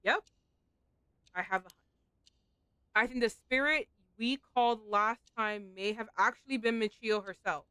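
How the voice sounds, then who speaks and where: A woman reading the part of a calm, formal spirit expert in a measured, plain voice. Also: fairly high pitch, clear, resonant tone, no room sound, rough recording.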